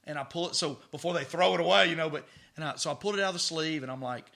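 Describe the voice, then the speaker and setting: A middle-aged man, a podcast guest telling stories in a lively way, repeating words as he goes. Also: on the high side, very fast, creaky. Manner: animated, stammering repeats, acts out dialogue. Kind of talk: casual storytelling.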